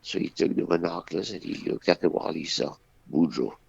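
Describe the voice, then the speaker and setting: Gravelly low-voiced man telling folksy jokes. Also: darkish tone, no echo. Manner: folksy, drawn-out storytelling with character dialogue. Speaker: radio co-host. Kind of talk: telling jokes on a talk radio show. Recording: dull, lo-fi dry radio recording.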